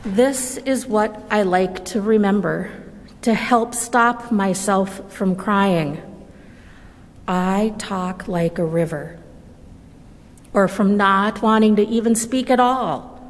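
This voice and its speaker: Woman, mid pitch, reading a storybook aloud, very slow and careful, gentle, reverberant church hall. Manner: gentle, measured, deliberate reading. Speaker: reader at a church service. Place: church sanctuary. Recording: long reverb of a large hall.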